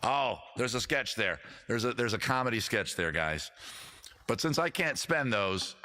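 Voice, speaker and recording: A man with a baritone voice, hosting his own live stream and joking about himself in loose, rambling banter between songs. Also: expressive, unhurried, pushed and bright. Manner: self-deprecating, chatty, jokey. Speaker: host and guitarist of a live stream show. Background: his own guitar.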